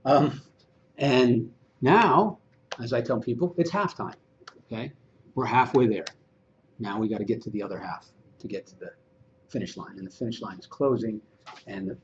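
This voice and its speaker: A man presenting a training session in a casual, animated way, mid-pitched and lively. The recording is a little muffled, with faint room hiss behind him. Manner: animated, conversational, acts out dialogue. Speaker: real estate agent and trainer.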